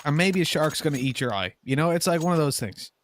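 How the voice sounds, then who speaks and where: A man's voice: a little high, animated, fast talker. A man doing color commentary as an esports co-caster, rambling through silly analogies.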